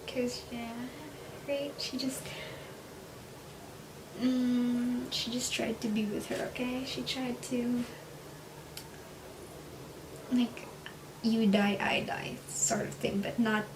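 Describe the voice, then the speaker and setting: A woman's voice: on the high side, slow pace, pauses often, roomy sound. A young woman chatting casually in a reading vlog, laughing often and dropping now and then to a whisper. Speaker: book vlogger. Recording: distant mic with steady background hiss.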